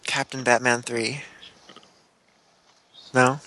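A man's voice: medium pitch, flat delivery, pushed and bright, poor audio. A young man co-hosting a casual chat, joking and laughing often. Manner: chatty and joking, laughs often, speaks in quick bursts. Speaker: podcast co-host.

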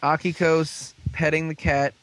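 A man's voice: a little high, little pitch movement, unhurried, fairly bright tone, dry recording. A man on a casual voice-call podcast, recapping an episode in a rambling way and acting out the characters' lines. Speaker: podcast host recapping a show. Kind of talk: casual chat over a voice call.

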